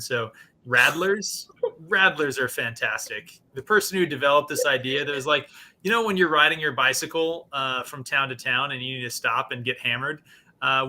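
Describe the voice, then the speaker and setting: A man co-hosting a casual stream chat, talking enthusiastically with frequent laughs and halting restarts. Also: medium pitch, pushed and bright. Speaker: co-host.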